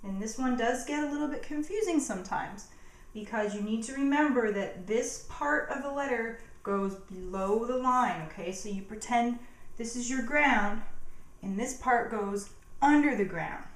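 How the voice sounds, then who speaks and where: A woman teacher giving a cheerful, encouraging alphabet lesson to young children, sounding words out slowly. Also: on the high side. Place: home. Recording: echoey room.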